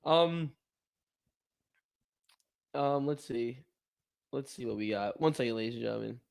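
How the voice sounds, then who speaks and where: A man's voice: medium pitch, unhurried, vocal fry, a little mellow, clean tone. A young man co-hosting a sports livestream, chatting casually and rambling while he waits for his partner, yawning now and then. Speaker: podcast co-host.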